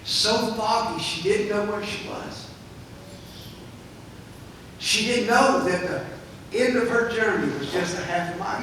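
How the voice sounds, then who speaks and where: Male pastor, sermon delivery; bright, tense tone; very echoey sanctuary with faint background noise. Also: high-pitched, unhurried, pauses often. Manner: preaching with swelling, shouted climaxes. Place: church sanctuary. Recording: echoey church hall, mic far off.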